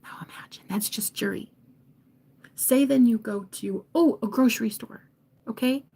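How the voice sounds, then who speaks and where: A woman giving a casual reading to camera, animated and profane, sometimes dropping into a whisper. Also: on the high side, a little slow, creaky, slightly rough. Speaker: tarot reader.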